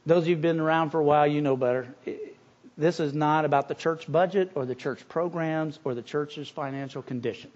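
A man's voice: a little high, brisk, a little mellow, highs cut off. A man preaching a sermon as pastor, earnest and conversational, with frequent restarts.

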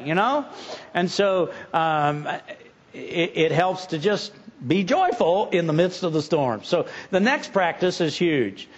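A man's voice: high voice, fairly bright tone, highs cut off. A middle-aged man preaching a sermon in a folksy way, often repeating words as he starts sentences. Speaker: pastor.

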